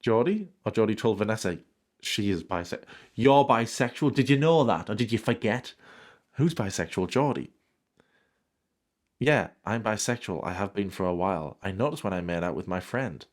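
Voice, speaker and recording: Here a man with a low-leaning voice and lively intonation works through a fan story at a moderate clip. Every so often he stops to throw in a dry, sarcastic jab or some mock outrage, played for comedy.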